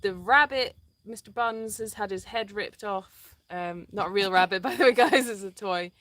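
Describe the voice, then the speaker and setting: A woman's voice: mid-range voice, normal speed, a bit bright. A woman co-hosting a casual live stream from an animal sanctuary. She talks in a chatty, hesitant way with many "um"s and breaks off to talk to the dogs. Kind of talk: casual live-stream chat, reading viewer comments.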